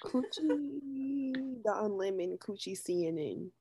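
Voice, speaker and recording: A woman's voice: mid-range voice, animated, takes it slowly, warm tone, husky. A woman in casual chat with friends, laid-back and dry while playing a rhyming word game.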